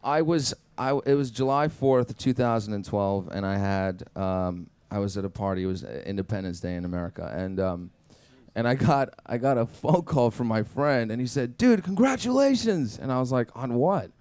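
Smooth-voiced male panelist. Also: fairly low pitch, normal speed, darkish tone, no room sound. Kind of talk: panel storytelling.

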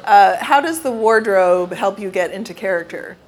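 A woman interviewing a guest, asking casual, slightly halting questions. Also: medium pitch, animated.

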